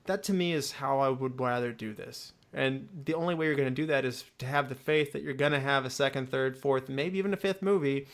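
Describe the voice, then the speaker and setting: A young man hosting a movie podcast, opinionated and joking in casual roundtable chat. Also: medium pitch. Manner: opinionated, joking, quick asides. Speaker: podcast host.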